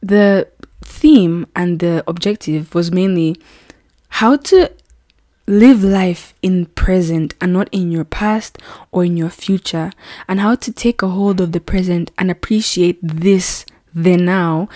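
A woman in her twenties hosting her own podcast, telling a personal story in a casual, animated way and acting out the voices of people she quotes. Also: on the low side, measured pace, dry recording, studio quality. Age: 20s. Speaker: podcast host.

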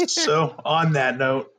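A man's voice: fairly high pitch, a bit bright. A man co-hosting a podcast who teases his cousin and signs off the show. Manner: teasing, wraps up the show. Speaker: podcast producer and co-host. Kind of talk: casual podcast chat.

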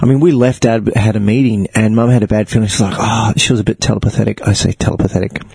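Rambling storyteller man, husky and dry. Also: lowish voice, steady tone, rapid-fire, darkish tone, dry recording. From South Africa. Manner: rambling storyteller, joking, many fillers. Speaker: actor and podcast guest. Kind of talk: casual chat.

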